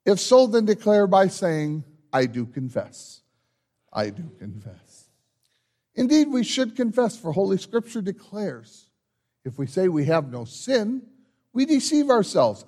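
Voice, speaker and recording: A pastor, a man, reads the order of confession in a measured, solemn cadence. His voice is fairly high for a man and swings widely up and down. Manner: measured, solemn liturgical delivery with lively rises. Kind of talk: church announcements and liturgy.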